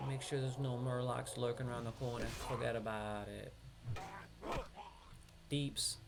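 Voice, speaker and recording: This streamer, a man from upstate New York, has a mid-range voice with vocal fry and talks a little slowly over some background noise. He gives live, slangy commentary on an online game, bantering excitably with a teammate.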